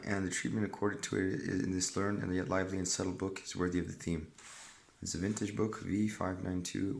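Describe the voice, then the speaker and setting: A man with a low, gravelly voice talks loosely to his viewers amid slight background noise, often stopping partway through sentences. He drifts through chatty asides and occasionally reads passages from a book aloud.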